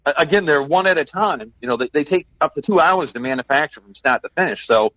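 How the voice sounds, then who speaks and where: A talkative man telling upbeat stories in a relaxed podcast chat about his handmade calls. His voice is mid-pitched and sounds a little dull and dry, as if it came through a plain, lo-fi mic with no room echo. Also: fast. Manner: chatty, storytelling, upbeat. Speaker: game call maker, podcast guest.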